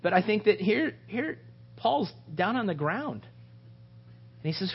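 A man's voice: sits high, very animated, slow, long pauses, slightly rough, muffled recording. A man leading a casual Bible study, talking conversationally and briefly acting out the voices of biblical figures.

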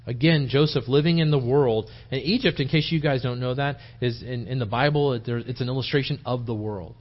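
A man's voice: medium pitch, fairly quick. A man giving an informal, rambling Bible-study sermon in church, often restarting his sentences and acting out quotes. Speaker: lay preacher teaching Bible study. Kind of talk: conversational sermon. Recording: dull lo-fi sermon tape.

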